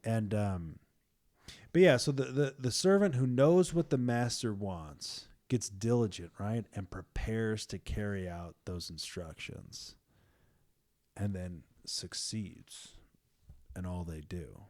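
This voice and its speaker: Lowish casual man talking faith. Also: slow. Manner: animated, acts out quotes with sudden whispers.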